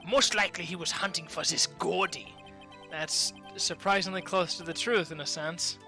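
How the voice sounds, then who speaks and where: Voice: medium pitch, steady tone, moderate pace, pushed and bright, faint music behind. A streamer voicing a stern, arrogant old male prosecutor who sounds curt and dismissive.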